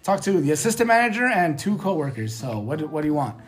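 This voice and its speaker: A man's voice: on the high side, very animated, fast. A young man casually telling a work story among friends, slangy and laughing often. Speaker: podcast co-host.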